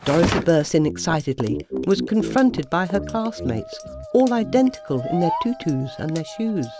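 A woman, a children's author, narrating a bedtime story in a playful, animated manner. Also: on the low side, normal speed. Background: soft music.

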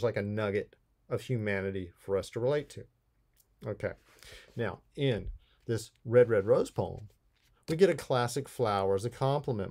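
A man's voice: mid-range voice, a little mellow. Man giving a chatty poetry lecture. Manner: conversational, playful asides while explaining poems. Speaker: college English teacher. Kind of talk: recorded video lecture.

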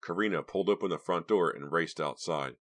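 A man reads an audiobook aloud in scripted narration. His voice is extremely deep and sits at the floor of the male range. He keeps the reading steady and measured from line to line.

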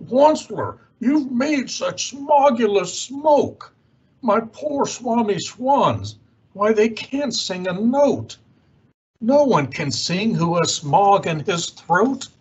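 A man doing the Lorax, croaky and scolding. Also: sits high, animated, muffled recording, heavily acted. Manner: slow, scolding, croaking complaints. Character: grumpy old male Lorax creature, scolding.

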